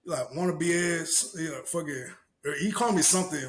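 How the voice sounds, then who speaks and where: Animated, high-voiced man telling stories. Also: normal speed. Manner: animated storyteller, acts out shouted quotes. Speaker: podcast co-host. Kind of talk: casual podcast chat.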